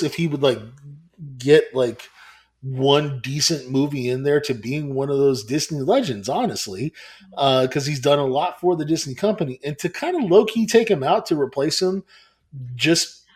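A man in his thirties co-hosting a casual podcast, talking in a rambling way with many restarts and some swearing. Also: mid-range voice. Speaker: podcast co-host.

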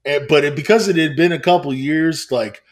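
A man's voice: fairly high pitch, a little fast. A man in his thirties co-hosting a casual podcast, talking in a rambling way with many restarts and some swearing. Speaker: podcast co-host.

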